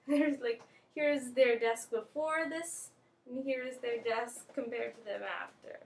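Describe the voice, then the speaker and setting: Animated young woman telling a story. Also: on the high side, slow pace, slight background noise. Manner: animated, squeals and laughs at her own story. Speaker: vlogger. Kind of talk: casual storytelling.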